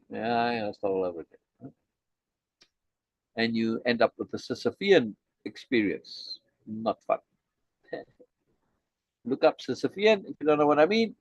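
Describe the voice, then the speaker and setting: A man's voice: medium pitch, husky, no echo, dull audio. A man teaching a study group, explaining a text with emphatic repetition and frequent "right?" checks. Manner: emphatic, repeats key points, frequent "right?" tags. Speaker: teacher leading a study session.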